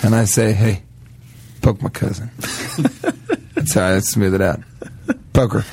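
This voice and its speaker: A man's voice: on the low side, expressive, takes it slowly, a little mellow, breathy edge. A young adult man co-hosting a comedy podcast in casual chat, rambling and slipping into silly put-on voices. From Denver, United States.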